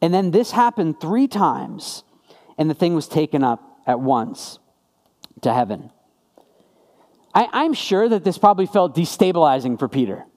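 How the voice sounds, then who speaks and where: A man's voice: a little high, sing-song, a little slow, long pauses, a little mellow, in a large hall. A man preaching a sermon in a conversational way, piling up rhetorical questions. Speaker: pastor.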